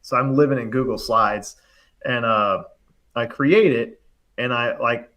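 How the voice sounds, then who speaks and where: A man telling a long story in casual chat, animated and quick, full of fillers and acted-out quotes. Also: mid-range voice. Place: live online show, remote.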